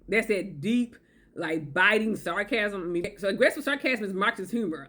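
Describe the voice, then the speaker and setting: A woman's voice: mid-range voice, animated, normal speed, a bit bright. A woman vlogging relationship advice to viewers, emphatic and repetitive, often checking in with "okay?". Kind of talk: direct-to-camera advice talk.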